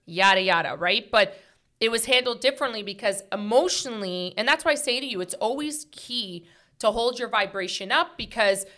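Bright-voiced chatty woman. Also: a little high, moderate pace. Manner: earnest, talkative, many "like" and "right?" fillers. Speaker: podcast host. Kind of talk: casual heart-to-heart chat.

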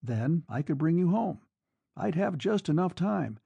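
A man's voice: a little high, big pitch swings, a little slow, vocal fry, mellow, slightly rough, no echo, lo-fi sound, pitched above the performer's own voice, full character voice. A man reading aloud voices a young male soldier who speaks politely and a little uncertainly. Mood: polite, coaxing. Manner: polite, tentative.

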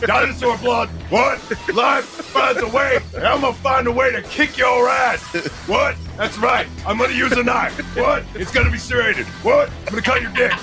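A man calling in and voicing a boastful, shouting tough-guy wrestler who keeps barking taunts, in a prank voice message. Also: very high-pitched, fairly even intonation, normal speed, gravelly, music in the background. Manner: yelling threats and taunts, repeating "What?". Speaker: caller.

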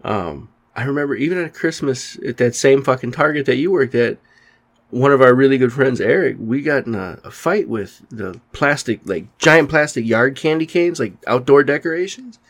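A man's voice: mid-range voice, normal speed. Man telling a laid-back story. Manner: relaxed, laughing storytelling with swearing. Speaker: podcast co-host. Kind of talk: casual chat.

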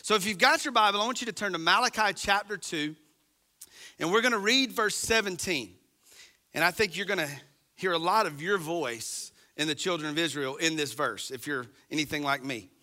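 A man's voice: high voice, sharp tone. A man preaching a sermon as pastor, talking conversationally and straight to his congregation.

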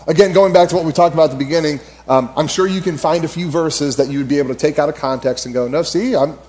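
A man's voice: a little high, racing, darkish tone. A man in his thirties preaching a conversational sermon as pastor, telling stories and repeating key phrases for emphasis.

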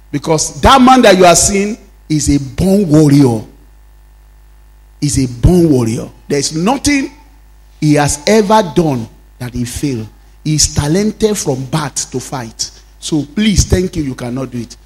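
A man with a Nigerian accent preaching a sermon in a high voice. He acts out the Bible dialogue as he tells it and calls out to the congregation for responses. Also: sing-song, measured pace. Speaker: pastor.

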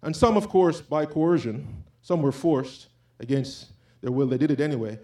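A man's voice: fairly high pitch, animated, moderate pace, dark tone. A man giving an informal, impassioned sermon, talking conversationally and quoting scripture. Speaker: preacher.

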